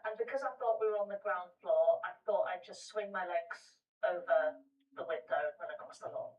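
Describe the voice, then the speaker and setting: A woman's voice: mid-range voice, normal speed, darkish tone. A woman guest on a panel show, telling a comic anecdote with hesitations and laughter. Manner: hesitant, laughs through her story. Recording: roomy studio, distant mic.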